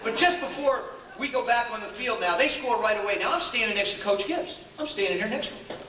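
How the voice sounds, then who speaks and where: An older man telling stories in a high, sharp, bright voice during a motivational speech, chuckling often as he acts out each exchange. The echoey hall makes the sound boom, and the mic sits a fair way from him. A faint murmur of room ambience runs underneath. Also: brisk, distant mic, a little hiss or hum. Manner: animated storyteller, acts out dialogue, chuckles often. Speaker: keynote speaker. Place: large echoey hall with an audience.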